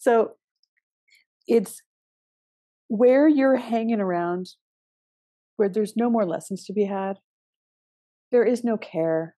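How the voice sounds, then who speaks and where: A middle-aged woman hosts a reflective spiritual podcast in a mellow, slightly breathy voice. She meanders and hesitates, often restarting her sentences. The recording is close and dry. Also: mid-range voice, unhurried, long pauses, dry recording. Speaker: podcast host.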